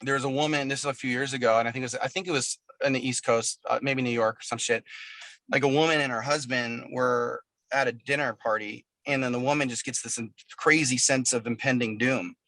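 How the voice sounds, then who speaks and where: Interviewed over a video call as a musician guest, a man chats casually in a medium-pitched, steady, slightly bright voice at a brisk pace, with no room sound. He rambles through long stories, swearing freely.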